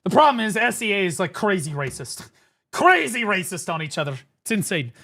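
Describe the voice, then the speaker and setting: Animated, profane streamer man. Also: high voice, a little fast. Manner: profane, laughing, animated storyteller. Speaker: streamer reacting to clips. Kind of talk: casual reaction commentary.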